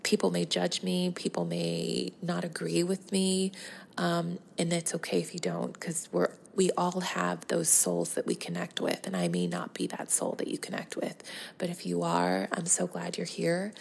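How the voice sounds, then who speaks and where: A woman with a lowish voice and a heavy gravelly fry signs off her podcast. She speaks gently and earnestly, often dropping into a soft, breathy half-whisper. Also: moderate pace, slight background noise. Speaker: podcast host. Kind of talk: heartfelt podcast sign-off.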